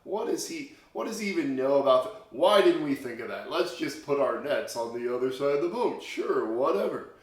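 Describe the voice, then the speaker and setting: A man's voice: mid-range voice, expressive, fairly quick, hardly any pauses, close to an everyday voice. A man voicing weary, skeptical fishermen who grumble sarcastically in a story for children. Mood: sarcastic. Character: weary, skeptical fishermen disciples, grown men. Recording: echoey room.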